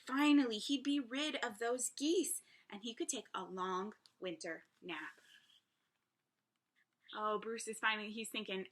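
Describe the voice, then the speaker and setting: A preschool teacher with a fairly high voice reads a picture book aloud to young children at a measured pace. She adds chatty asides to her listeners as she goes.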